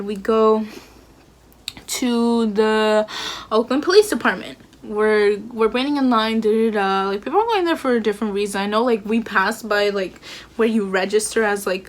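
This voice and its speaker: A young woman casually retelling a story, full of filler words and quoted dialogue. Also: medium pitch. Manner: chatty, filler-heavy retelling with acted quotes. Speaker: vlogger.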